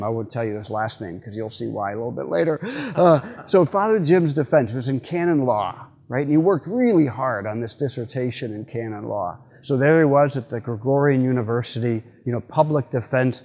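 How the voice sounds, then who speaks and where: A middle-aged man, a priest, giving a homily in a church with relaxed, folksy storytelling and frequent fillers. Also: mid-range voice, lo-fi sound. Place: church sanctuary.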